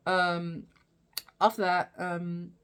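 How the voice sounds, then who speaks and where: A woman's voice: lowish voice, little pitch movement, extremely slow, a bit bright, clean tone. A young woman vlogger recapping a TV season in a rambling, casual way, with many fillers and restarts. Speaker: TV review vlogger.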